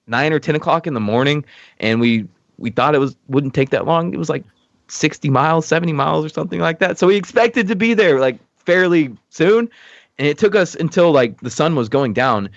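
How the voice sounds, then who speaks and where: A man's voice: medium pitch, dry recording, highs cut off. A man from Texas, a podcast guest, telling a long casual story with lots of "like" fillers and frequent chuckles. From Texas, USA. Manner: rambling, many "like" fillers, chuckles often.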